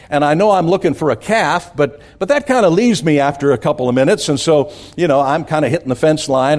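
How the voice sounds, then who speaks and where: A man's voice: on the high side, darkish tone. A man preaching a sermon, telling a folksy childhood farm story and asking the congregation "amen?".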